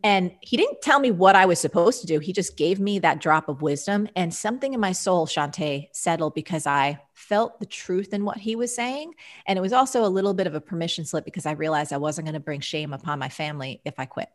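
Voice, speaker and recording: A woman in her forties telling her life story as an interview guest, animated and acting out her own past thoughts. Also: fairly low pitch, brisk.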